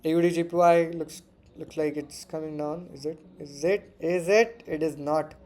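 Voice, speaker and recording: A man's voice: on the high side, fairly even intonation, moderate pace, darkish tone. A man giving casual live commentary while trading forex, muttering and repeating words to himself and swearing freely. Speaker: forex trader streaming live.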